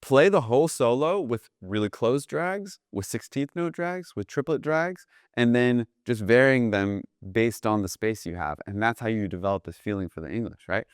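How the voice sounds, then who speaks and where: A man teaching jazz drumming in a relaxed, explanatory way, often checking in with "right?". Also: mid-range voice, moderate pace, hardly any pauses, clear, resonant tone, no room sound, clean studio sound. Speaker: drum teacher. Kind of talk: casual instructional talk.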